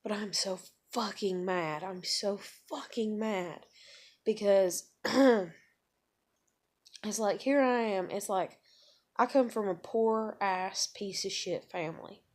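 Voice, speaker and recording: A woman's voice: medium pitch, slow, darkish tone, slight background noise. A woman in her thirties venting in a rambling, profane monologue from a room at home. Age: 30s. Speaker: vlogger.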